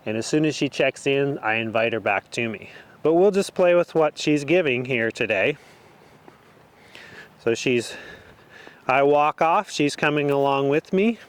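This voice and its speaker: A man training a horse outdoors, talking the viewer through each step in a relaxed, casual way. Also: medium pitch, unhurried, pauses often, clean tone. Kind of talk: casual instruction while working a horse.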